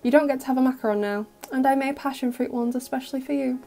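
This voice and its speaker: A woman's voice: high-pitched, fairly even intonation, fast talker, warm tone, soft background music. A woman voicing a caring, slightly flustered teenage girl in an audio fic reading.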